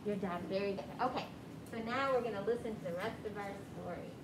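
A woman teacher leading a classroom vocabulary lesson, speaking slowly and patiently and checking on her students. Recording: echoey room with rumbling noise.

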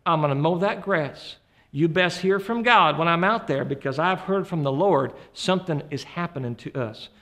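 A firm, plainspoken Southern husband, put on by a man with a drawling Southern US accent. His bright, fairly high voice gives the order in a matter-of-fact way, in a storytelling bit. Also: moderate pace.

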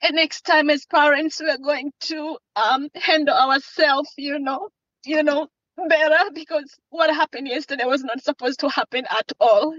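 A woman speaking to a court from inside a car, her high, bright voice coming through dull, lo-fi call audio. She pleads haltingly and restarts her sentences often. The sound is close and dry. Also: fairly even intonation, no room sound. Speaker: witness and mother in a court hearing. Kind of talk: courtroom testimony by video call.

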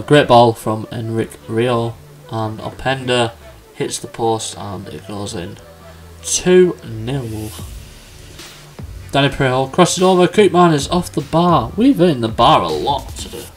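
Faint music plays behind this young gaming YouTuber as he commentates a game in a mid-range voice. His style is chatty and excitable, punctuated by quick laughs and exclamations.

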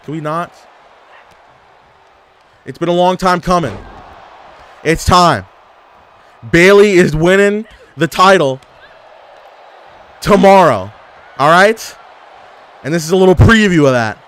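A young man giving casual, animated gameplay commentary as a gaming YouTuber, trash-talking and exclaiming. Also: sits high, slow, long pauses, smooth, some chatter behind. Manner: animated trash talk, frequent laughs and exclamations.

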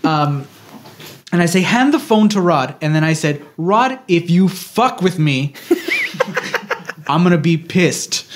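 A high-pitched man co-hosts a podcast, speaking slowly with long pauses as he tells a story in casual conversation. He's animated, swears freely, and acts out what people said.

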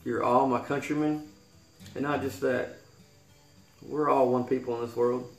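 A YouTuber from Kentucky, a man in his thirties with a Southern accent, follows a poem reading with heartfelt vlog talk, earnest but rambling with restarted sentences. He speaks unhurriedly in a steady, medium-pitched voice, recorded with roomy echo and faint guitar music.

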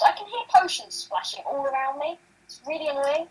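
A woman's voice: high voice, sing-song, a little fast, darkish tone, rough recording. A woman chatting while playing a game, giggly, playful and self-mocking. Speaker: co-player. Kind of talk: casual gaming chat.

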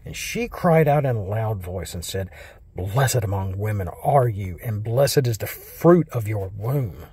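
An American man reading Bible verses slowly and solemnly, then explaining them in a casual, rambling way. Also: fairly low pitch, expressive, a little mellow, husky, dry recording. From United States. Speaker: Bible teacher.

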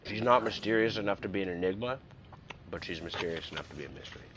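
A man chatting on his live stream through a headset, telling stories in an animated way and swearing freely. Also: sits low, fast, background noise. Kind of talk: casual chat on a live stream.

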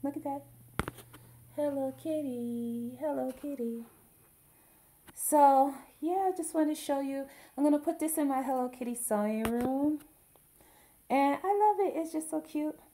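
Woman, middle-aged, casual show-and-tell vlog, rambling, chatty, slightly high voice. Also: moderate pace, dark tone, a little hiss or hum. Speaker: video blogger.

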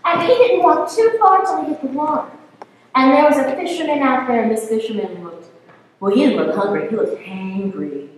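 A woman telling a folktale to a church congregation in a lively, sing-song way. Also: high voice, normal speed, slight background noise. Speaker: folktale storyteller. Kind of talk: oral storytelling to a congregation. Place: church sanctuary. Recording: echoey hall from far off.

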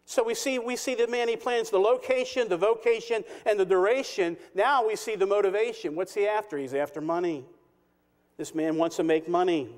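A man with a high-pitched voice preaches from the pulpit, stressing key words and pausing for effect. His voice rings out with a long echo through the church sanctuary. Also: a little mellow. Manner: emphatic, measured preaching with dramatic pauses. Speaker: pastor. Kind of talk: sermon. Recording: long reverb of a church hall.

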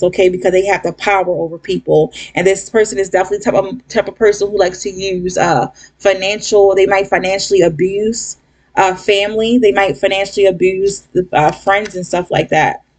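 A woman's voice: mid-range voice, darkish tone. A woman giving a casual tarot reading to her viewers, rambling and blunt, with lots of fillers and "okay?" checks. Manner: blunt, occasional cursing. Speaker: tarot reader.

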